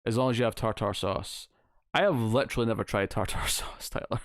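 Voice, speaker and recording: A man's voice: on the low side, a little fast, dry recording, studio quality. A man hosting a casual livestream, chatting and reading out viewer comments in a rambling, self-amused way. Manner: rambling, chatty, laughs at himself. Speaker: livestream host.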